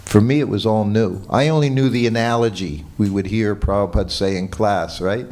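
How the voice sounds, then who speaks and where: An older man with a lowish voice recounts memories during a temple morning class. He tells his stories unhurriedly and chuckles now and then as he reminisces. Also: moderate pace, a little mellow. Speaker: lecturer giving morning class. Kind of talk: anecdotal temple lecture. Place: temple hall.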